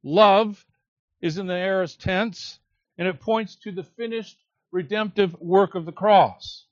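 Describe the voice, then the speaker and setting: A man preaching an expository sermon, slow and emphatic, drawing out key words. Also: sits high, a little mellow, no room sound. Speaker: pastor. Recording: slightly dull, lo-fi sound.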